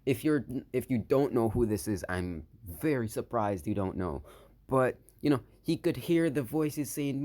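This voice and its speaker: A man telling an improvised fan story in a halting way, full of filler words and restarts. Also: medium pitch, a little mellow. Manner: slow, hesitant delivery.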